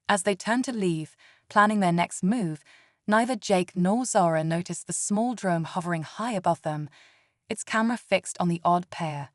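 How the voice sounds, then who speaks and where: Brief: female story narrator, steady and even, lowish voice, very dry close sound. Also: moderate pace, no echo.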